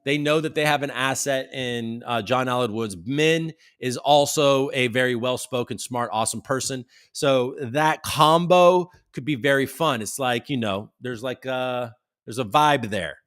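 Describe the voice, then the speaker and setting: A man hosting a casual livestream at a middle pitch. He chats loosely and reads viewer comments aloud as they come in, throwing in the occasional swear, all spoken into a desk microphone. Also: measured pace, fairly bright tone, clear, resonant tone. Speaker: livestream host.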